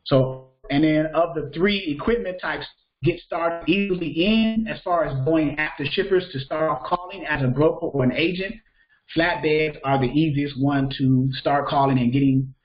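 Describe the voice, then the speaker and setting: In a dull-sounding recording, a man with a somewhat high voice teaches freight brokering live at a moderate pace. He stays conversational, repeating key phrases and asking questions to test understanding.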